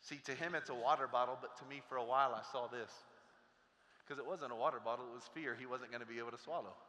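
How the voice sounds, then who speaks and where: A man in his thirties giving a motivational talk to teachers, animated and quizzing the crowd while acting out stories. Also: medium pitch, quick pace, in a large hall. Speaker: motivational speaker.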